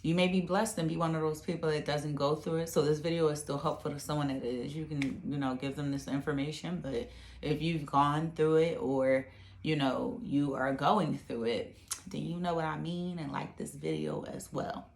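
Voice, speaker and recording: A woman's voice: low-pitched, normal speed, creaky, darkish tone, a little hiss or hum. A woman vlogger chatting casually to her camera at home, rambling with lots of fillers. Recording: echoey room.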